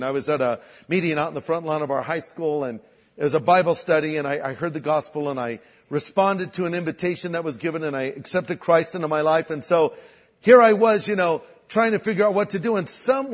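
An older man preaching a sermon as a guest pastor, telling a story with animated voices for the people in it. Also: fairly high pitch, big-room sound. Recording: dull lo-fi sound.

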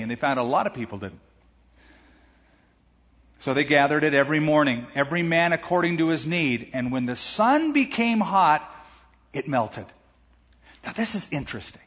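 A man's voice: on the high side, fairly bright tone, breathy edge. A man preaching a sermon, reading scripture and explaining it in a conversational way with asides. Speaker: pastor. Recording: echoey hall, dull lo-fi sound.

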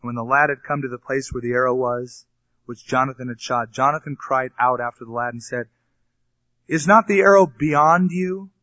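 A man's voice: medium pitch, little pitch movement, brisk, pushed and bright, dry recording, lo-fi sound. Man preaching through a Bible passage. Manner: reads scripture then explains it in plain, colloquial asides. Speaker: pastor. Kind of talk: expository Bible sermon.

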